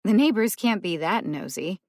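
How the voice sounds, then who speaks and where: A woman narrating an audiobook, voicing a brash, quick-witted young woman with a sarcastic, teasing manner. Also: medium pitch, animated, a little mellow, no room sound, studio quality, lightly acted. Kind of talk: audiobook character voice.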